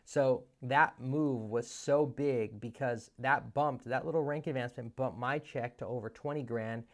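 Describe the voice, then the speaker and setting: Animated man in his thirties telling stories. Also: mid-range voice, unhurried. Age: 30s. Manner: animated, restarts often, acts out the dialogue. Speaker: business coach. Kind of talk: casual storytelling monologue.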